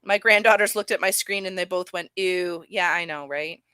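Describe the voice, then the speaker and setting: A woman chats on a live stream in a rambling, giggly way, full of fillers and asides. Her voice is bright and crisp. The sound is dry, with no room around it. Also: fairly low pitch, fairly quick, no room sound. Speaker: streamer reviewing videos. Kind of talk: casual live-stream commentary.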